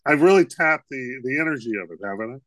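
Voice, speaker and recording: A man's voice: mid-range voice, expressive, quick pace, fairly bright tone, no room sound. Jokey, rambling man co-host. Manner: jokey, rambling, laughs often. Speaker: podcast co-host. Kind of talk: casual comedic chat.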